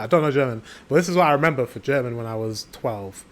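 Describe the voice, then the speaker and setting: A British man hosting a reaction video, chatting casually, laughing often and slowly repeating phrases he is learning. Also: mid-range voice. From England.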